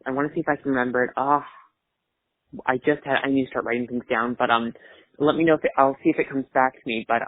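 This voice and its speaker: A man's voice: mid-range voice, no room sound. A man hosting a podcast in casual chat, rambling and chatty with fillers, over a tinny phone-like line. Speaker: podcast host.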